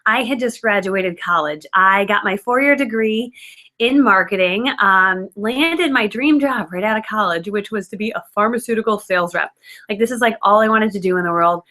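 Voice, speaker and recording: A woman's voice: mid-range voice, moderate pace, bright, forceful tone. A woman in her thirties telling her own story in casual, filler-heavy chat, self-mocking and loose. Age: 30s. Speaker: guest speaker.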